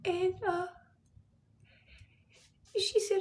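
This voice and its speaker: A woman's voice: sits high, steady tone, moderate pace, gravelly, darkish tone, roomy sound, far from the mic. A grieving woman, talking on a livestream, often dropping to a whisper. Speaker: livestream host. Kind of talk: casual livestream talk.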